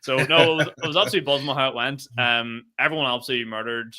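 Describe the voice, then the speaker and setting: A man, a stand-up comedian co-hosting a podcast, telling stories in animated, casual chat and swearing freely. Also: mid-range voice, very fast. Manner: animated storyteller, laughs mid-sentence, swears freely.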